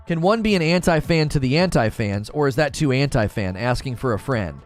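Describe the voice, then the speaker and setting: A man's voice: mid-range voice, expressive, a little fast. A man in his thirties from the United States hosting a casual live stream, reading chat aloud, laughing often and restarting his sentences. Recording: faint music behind.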